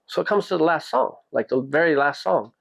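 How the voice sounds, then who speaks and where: A man hosting a podcast, telling a personal story in a casual, animated way and jumping his pitch up when he quotes people. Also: a little fast, creaky. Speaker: podcast host.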